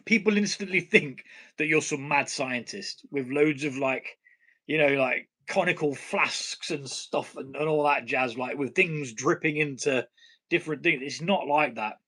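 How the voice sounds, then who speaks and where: A man's voice: on the high side, a little slow, bright, forceful tone, husky. A man with a British accent hosting a casual home brewing live stream, blunt and swearing casually, laughing at himself. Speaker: home brewing channel host.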